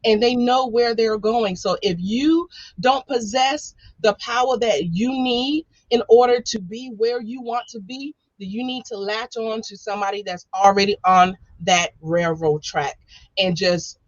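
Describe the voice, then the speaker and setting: A woman panel speaker gives direct, encouraging motivational remarks over a video call. Her fairly high voice comes through slightly muffled. The sound is close and dry. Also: measured pace, dry recording.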